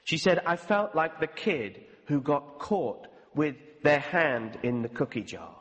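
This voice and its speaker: A man preaches a sermon, telling a story with animation and acting out the voices of its characters. His voice is a little high and a little slow, and the recording carries a long hall reverb.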